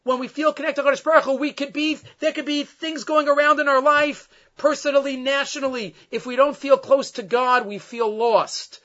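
A man's voice: extremely high pitch, steady tone, a little fast, few pauses, sharp tone. A man giving a Torah lecture as a rabbi, telling it with animation and weaving Hebrew verses into his English explanation. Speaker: rabbi teaching a class. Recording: dull lo-fi recording.

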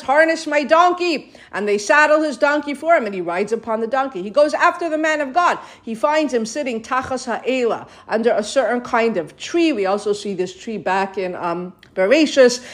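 A woman teaching a scripture story, reading Hebrew verses and retelling them in lively English. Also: mid-range voice. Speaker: Torah teacher. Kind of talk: retelling and explaining a scripture passage.

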